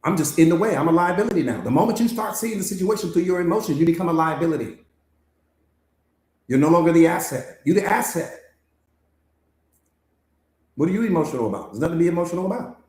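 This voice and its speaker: A man with a fairly high voice delivers a motivational master class as a coach. His delivery is emphatic and preaching, with points hammered home through repetition. The sound is roomy, with noticeable echo. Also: expressive, fast talker, pauses often, darkish tone.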